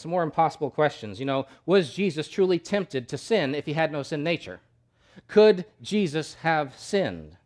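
A male pastor preaching a sermon, emphatic, asking rhetorical questions and swinging between loud and soft. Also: fairly high pitch.

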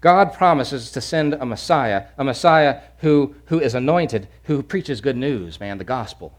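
A man from Louisiana preaching a sermon, animated and emphatic, with lots of repetition. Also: mid-range voice, a little slow. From Louisiana, USA.

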